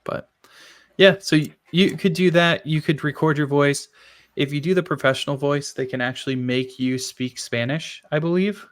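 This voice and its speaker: A man hosts a tech podcast, speaking at a normal speed in a voice on the high side. He keeps things chatty, jokes at his own expense, and does lively impressions when quoting others.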